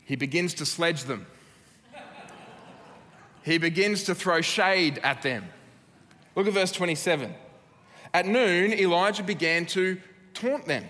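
Australian pastor, earnest emphatic sermon delivery, long church-hall reverb. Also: male voice, sits high, animated, pushed and bright. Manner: earnest, emphatic preaching with dramatic pauses.

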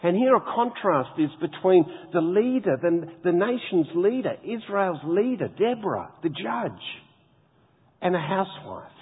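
A man preaching a sermon, reading scripture slowly and with heavy emphasis. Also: high voice, big pitch swings, breathy edge. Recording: tinny phone-like sound with long hall reverb.

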